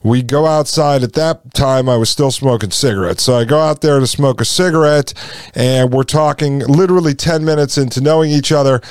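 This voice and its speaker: A podcast host in his forties rambles through a personal story and talks to his listeners as folks. His voice is smooth and clear at a middle pitch. The recording is dry, with no room echo. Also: a little fast. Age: 40s. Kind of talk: casual storytelling monologue.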